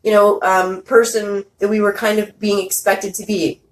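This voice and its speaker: A woman's voice: medium pitch, level tone, normal speed, echoey room, distant mic, rough recording. A woman guest with a brash, emphatic way of talking, making punchy declarations in a casual interview. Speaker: guest, founder.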